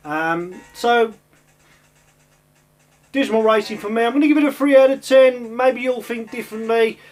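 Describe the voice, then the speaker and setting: Chatty high-voiced man reviewing games. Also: normal speed, soft background music. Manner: chatty, rambling, lots of ums and uhs. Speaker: retro game reviewer. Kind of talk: casual gameplay commentary.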